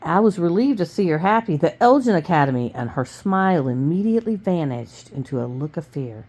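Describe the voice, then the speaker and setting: A woman reading a novel aloud to her family in plain, steady storytelling with small stumbles. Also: fairly low pitch, a little fast. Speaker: family reader.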